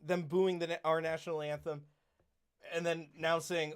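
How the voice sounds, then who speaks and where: A man with a slightly raised pitch chats bluntly as a podcast co-host, swearing freely and chiming in with quick agreement. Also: flat delivery, smooth. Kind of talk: casual chat.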